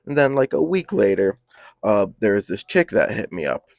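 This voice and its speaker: Young man, low gravelly voice, casual storytime, slangy, profane, dry sound. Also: big pitch swings, moderate pace, no room sound. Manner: profane, slang-heavy, rambling.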